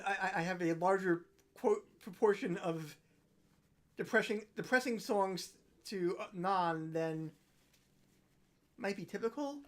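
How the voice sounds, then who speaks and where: A woman hosting a holiday livestream, chatting casually between songs in a rambling, self-deprecating way that trails off quietly. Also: lowish voice. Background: ukulele playing.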